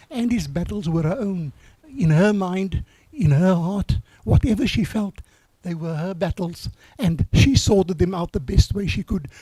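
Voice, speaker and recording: Hoarse older man. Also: sits high, warm tone, dry recording. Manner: earnest, halting storytelling. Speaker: grandfather giving a eulogy. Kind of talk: memorial eulogy. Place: memorial service.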